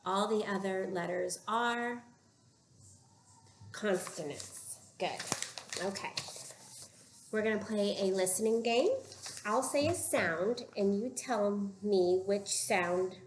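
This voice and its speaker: Slow, patient woman teaching phonics. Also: medium pitch. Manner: slow, patient, drawn-out word modeling. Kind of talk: phonics lesson for young children. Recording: echoey room with faint room noise.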